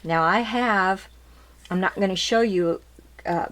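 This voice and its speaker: A woman's voice: medium pitch, slow, fairly bright tone. A woman hosting her craft channel, chatting casually as she shows ribbons one by one and keeps asking if they're cute. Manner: chatty, repeats details, asks "aren't they cute?". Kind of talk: casual product show-and-tell.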